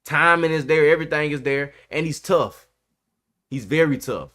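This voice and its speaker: A man's voice: a little high, normal speed. A man co-hosting a podcast, arguing about football in a casual, emphatic way. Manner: emphatic, animated, repeats "bro" often. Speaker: podcast host. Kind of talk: casual sports debate. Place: podcast studio.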